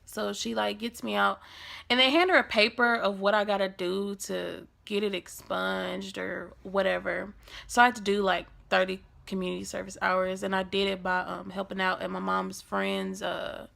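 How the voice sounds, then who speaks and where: A woman's voice: medium pitch, normal speed, gravelly. A young adult woman telling a personal story in a casual, slangy vlog style, acting out the lines she quotes. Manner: animated, acts out quoted lines. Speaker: vlogger.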